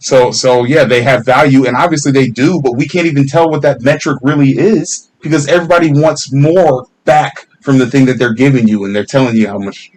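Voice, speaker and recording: A man's voice: medium pitch, a little fast, few pauses, a little mellow, poor audio. Rambling, laughing male podcast co-host. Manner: rambling, swears freely, laughs often mid-sentence. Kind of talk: casual chat.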